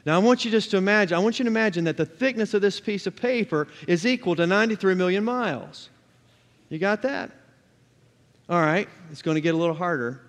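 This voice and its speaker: A man's voice: sits high, expressive, a little fast. Man preaching in a reverberant church. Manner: emphatic preaching with repeated refrains and scripture reading. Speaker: pastor. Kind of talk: sermon.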